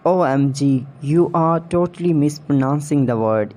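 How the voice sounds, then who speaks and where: Slow, higher-pitched male pronunciation teacher. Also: warm tone, slight background noise. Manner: repeats each word slowly and corrects mistakes. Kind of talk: slow word-by-word pronunciation drill.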